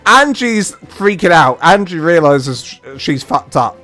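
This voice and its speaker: A British man streaming a game and telling a rambling story, animated and full of restarts and asides. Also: fairly high pitch, measured pace, soft background music. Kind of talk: casual storytelling on a livestream.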